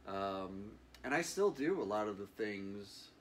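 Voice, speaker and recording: A man's voice: on the low side, lively intonation, unhurried, a little hiss or hum. A man in his thirties, a guest in an interview, telling his story in an earnest, reflective way with many fillers. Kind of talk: candid interview.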